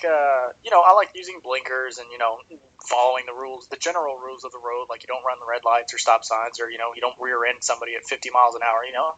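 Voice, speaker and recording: A man's voice: mid-range voice, bright, forceful tone, low-quality recording. A man from Texas, co-hosting a podcast and chatting casually, rambling with lots of fillers and restarts. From Texas, USA. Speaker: podcast co-host. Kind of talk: casual chat.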